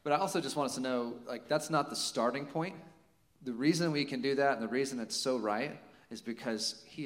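Brief: young male pastor, casual church talk, mid-pitched, long hall reverb. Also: brisk. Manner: casual, warm-hearted, many fillers like "you know" and "like". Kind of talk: church announcements and exhortation. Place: church sanctuary.

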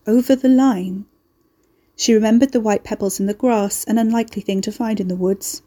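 A woman narrates fiction in measured, steady storytelling. Her voice is mellow and warm, at a middle pitch. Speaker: audiobook narrator. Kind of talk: scripted narration.

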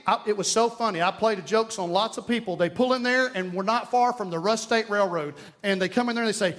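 A male pastor with an East Texas accent, his voice pitched very high for a man. He preaches emphatically, repeating his key lines for effect and weaving in folksy jokes. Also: fast talker, hardly any pauses, fairly bright tone. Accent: Southern US, East Texas. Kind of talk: sermon.

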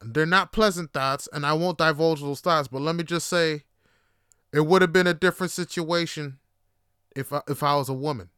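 A man's voice: fairly high pitch, moderate pace, clean tone, dry recording, clean studio sound. A young man hosting a podcast, telling a funny personal story in a casual, profane, slang-heavy way. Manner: animated, profane, slangy, lots of fillers. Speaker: podcast host.

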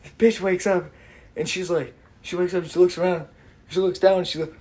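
A young man co-hosting a podcast, telling a story in a casual, animated way with lots of swearing and laughter. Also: high-pitched, a little fast. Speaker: podcast co-host.

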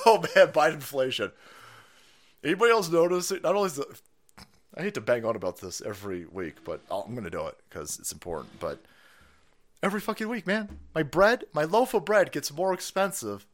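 A man hosting a stream, ranting in a foul-mouthed, mocking way, often laughing and jumping up in pitch when excited. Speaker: streamer and host. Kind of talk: profane ranting commentary stream.

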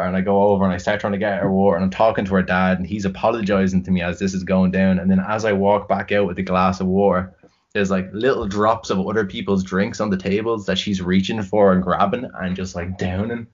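A man's voice: low-pitched, fairly even intonation, a little fast. A young Irish man telling a rambling, sweary story in casual chat. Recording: dull lo-fi recording.

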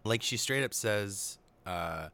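Low-pitched man rambling through a film recap. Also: lively intonation, slow pace, pushed and bright, clean tone. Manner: rambling, filler-heavy, paraphrases characters in offhand voices. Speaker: film commentator. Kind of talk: casual film recap and analysis.

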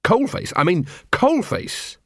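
A man's voice: high voice, big pitch swings, slow, vocal fry, fairly bright tone, no echo, studio quality, pitched above the performer's own voice, exaggerated voice. A man reading an audiobook, voicing a weary, anxious middle-aged watch sergeant.

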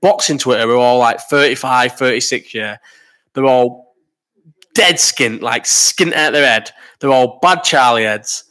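A man's voice: medium pitch, a little slow, bright, forceful tone. A man in his thirties hosting a casual live chat, rambling and swearing as he reads out comments while sick with a cough. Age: 30s. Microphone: desk microphone.

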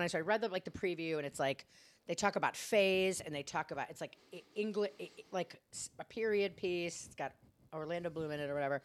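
A woman's voice: on the low side, fast. A young adult woman co-hosting a podcast, chatting casually with lots of fillers, restarts and giggles. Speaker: podcast co-host. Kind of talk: casual chat.

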